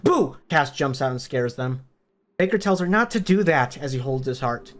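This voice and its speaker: A man's voice: medium pitch, expressive, normal speed, a little hiss or hum. Man recapping a novel's plot. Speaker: book reviewer. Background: faint background music.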